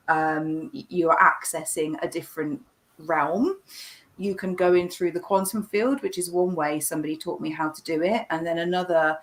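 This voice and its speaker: Lower-pitched female guest, spiritual teacher, chatty and relaxed, laughs easily. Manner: chatty, laughs easily, describes things at length. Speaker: podcast guest, spiritual teacher and tarot reader. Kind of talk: casual podcast chat.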